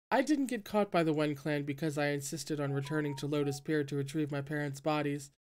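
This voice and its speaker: A reader narrating a novel aloud in an even, steady way, with quiet asides between chapters. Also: mid-range voice, clear, resonant tone. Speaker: audiobook reader.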